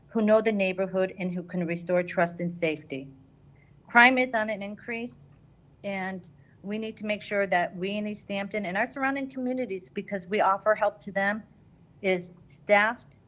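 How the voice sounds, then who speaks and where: A woman's voice: medium pitch, poor audio. Woman reading a prepared public comment. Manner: reads a prepared statement earnestly. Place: city council chamber.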